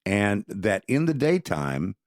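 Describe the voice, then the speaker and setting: A deep, low-pitched man chatting casually on a podcast. He is opinionated and conversational, and he often stops to restart a phrase. The sound is dry and close. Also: sing-song, slow pace, dry recording. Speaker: podcast co-host. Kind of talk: casual political talk.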